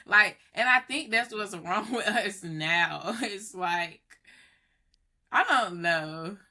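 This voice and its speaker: Bright-voiced woman, pushing back in debate. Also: mid-range voice, takes it slowly. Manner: animated, pushes back, drawls. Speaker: podcast co-host. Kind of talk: casual debate.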